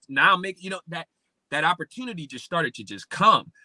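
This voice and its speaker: A man from Pennsylvania, a podcast guest, telling his story in an animated, casual way, acting out what people said and leaning on "like" a lot. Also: on the high side, normal speed, no echo. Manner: animated, acts out quoted speech, many fillers like "like".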